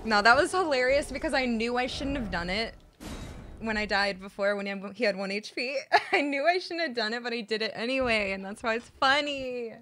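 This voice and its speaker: Woman gaming on stream, high voice that swoops all over, game music going under her. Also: animated, brisk, slight background noise. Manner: jumpy, swings between panicked yelling and laughing self-talk. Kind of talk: live gameplay commentary.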